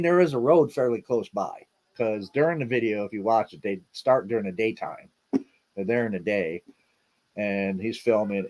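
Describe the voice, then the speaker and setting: A middle-aged man hosting a casual livestream, rambling and repeating himself with lots of fillers and a laid-back "man" here and there. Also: medium pitch. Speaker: livestream host.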